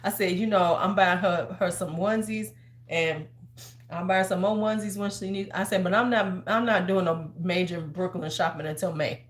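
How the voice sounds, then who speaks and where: A woman's voice: fairly low pitch, fairly even intonation, moderate pace. Chatty sassy woman in an echoey room. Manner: chatty, sassy, gives advice like a big sister. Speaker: host. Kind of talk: casual livestream chat. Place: large room at home. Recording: roomy echo.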